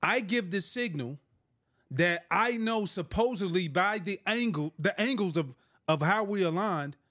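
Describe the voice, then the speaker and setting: Middle-aged male co-host, high voice, builds his case and keeps pushing with questions. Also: animated, a little slow, fairly bright tone. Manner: challenging, lays out hypotheticals, presses with questions. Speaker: podcast co-host. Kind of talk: heated sports debate.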